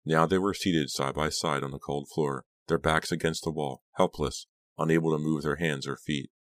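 A man narrating an audiobook in a steady, measured way. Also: very deep voice, dry recording. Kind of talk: scripted narration.

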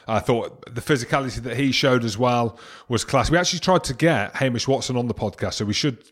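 A man's voice: medium pitch, fairly quick, fairly bright tone. A Scottish man co-hosting a podcast, chatting casually and joking with his co-host. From Scotland. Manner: jokey, laughs easily, banter. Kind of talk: casual chat.

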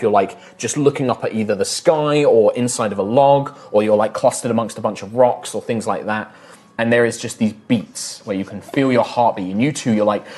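A man's voice: on the low side, darkish tone. A man running a tabletop game as game master, narrating scenes in detail with lots of casual fillers. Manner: descriptive, full of "like" fillers.

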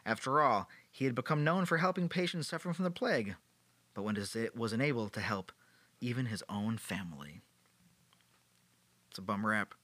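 A man's voice: mid-range voice, expressive, normal speed, pauses often, bright, forceful tone, dry recording. A man hosting a podcast, telling a history story in a casual, playful way with sarcastic joking asides. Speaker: podcast host.

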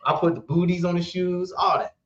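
A man's voice: sits high, fairly quick, a loud crowd. A man, a trucking company owner, telling stories as a podcast guest, acting out the voices of the people in them and laughing often. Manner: animated storyteller, acts out dialogue, laughs often. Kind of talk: casual storytelling interview. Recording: roomy, slightly dull sound.

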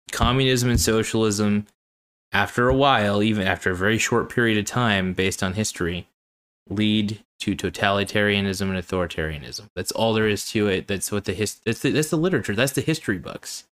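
A man's voice: lowish voice, fairly even intonation, moderate pace, fairly bright tone, smooth. A man hosting a solo show, tired and yawning, talking in a rambling, repetitive, earnest way. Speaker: podcast host. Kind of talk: casual solo talk.

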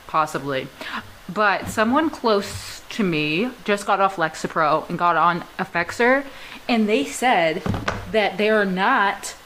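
A young woman from Georgia co-hosting a podcast in casual chat, blunt and joking, often trailing into low mutters. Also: animated, takes it slowly, fairly bright tone, low-quality recording. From Georgia, USA. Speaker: podcast co-host. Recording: faint background noise.

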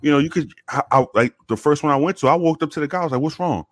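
A man's voice: a little high, rapid-fire, no room sound, studio quality. A man, a former police officer, telling a story in a laid-back, casual way, cursing freely and acting out what people said. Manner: laid-back, profane, animated when quoting people.

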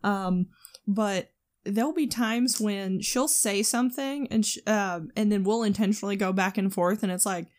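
A woman with a middle-pitched voice, chatting with easy enthusiasm. She moves quickly through her thoughts and drops into playful imitations with a laugh. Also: a little mellow. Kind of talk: casual chat.

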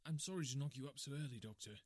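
A man's voice: mid-range voice, racing, darkish tone, no echo, natural voice. A man voicing a shaken but composed young male engineer in a storybook reading, speaking eagerly and a little breathlessly. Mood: urgent.

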